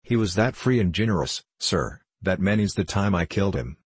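Male reader voicing a nervous, chatty Irish cook woman in a storybook; deep, husky, dry. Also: expressive, moderate pace, no echo. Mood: flustered. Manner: rambling, pleading, emotional.

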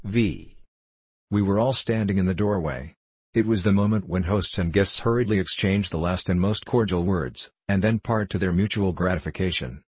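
Brief: male audiobook narrator, low husky voice, dry close sound. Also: normal speed, a little mellow, no echo. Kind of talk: audiobook reading of a classic novel.

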